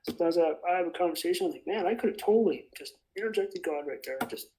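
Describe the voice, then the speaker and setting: A man's voice: high voice, animated, quick pace, mellow, poor audio. A man rambling passionately in a casual religious discussion. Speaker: bible study participant.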